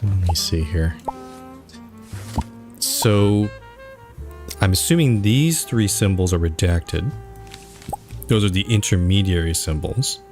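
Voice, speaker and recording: A man's voice: deep voice, lively intonation, takes it slowly, long pauses, a little mellow, faint music behind. Man thinking aloud over a game. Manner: thinking aloud, reads on-screen text aloud. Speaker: streamer. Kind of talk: let's play commentary.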